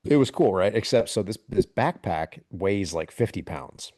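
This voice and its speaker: Deep-voiced man telling a war story. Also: moderate pace, no echo, studio quality. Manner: animated, laughs through his story. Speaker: military veteran guest. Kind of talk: casual storytelling on a podcast.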